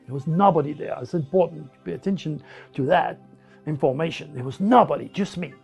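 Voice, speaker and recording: A man's voice: a little high, fairly quick, creaky, husky, soft background music. A man with a French accent, a native French speaker from the south of France, animatedly recounting personal stories in an interview and acting out what people said. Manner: animated storyteller who acts out quoted speech.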